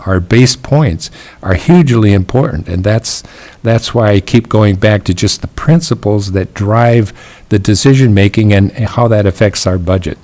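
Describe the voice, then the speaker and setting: A man speaking as a county commissioner at a public meeting, slow and halting, thinking aloud. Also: fairly low pitch, a little mellow.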